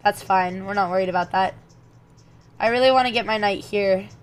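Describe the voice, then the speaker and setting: Clean in tone, this young woman's mid-range voice runs at normal speed as she plays chess online and thinks out loud. Muttered calculations are broken up by bursts of lively chat with viewers.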